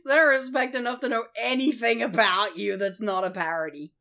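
A young Australian woman co-hosting a casual podcast chat, animated and sweary, laughing often. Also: a little high, a little fast. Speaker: podcast co-host.

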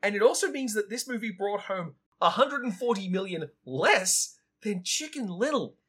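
Wry co-host presenting facts in casual banter; animated delivery, husky voice. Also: medium pitch, moderate pace. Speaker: podcast co-host.

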